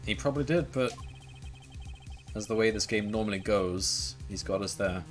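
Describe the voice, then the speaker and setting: A man's voice: fairly low pitch, normal speed, long pauses, faint music behind. A man streaming a game, making wry, sarcastic asides between reading lines. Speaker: let's play streamer. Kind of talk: casual game commentary.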